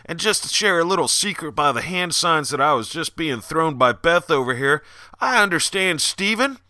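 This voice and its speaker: A man with a Southern accent who hosts a podcast, reading a dark horror story and then plugging books in loud, animated chat. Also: a little high, normal speed, no echo. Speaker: podcast host and horror author.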